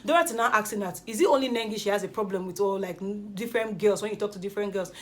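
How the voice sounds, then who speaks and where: A woman with a Nigerian accent recapping reality show gossip in a dramatic, animated way, dropping pidgin interjections. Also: mid-range voice, very fast. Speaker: entertainment gossip vlogger.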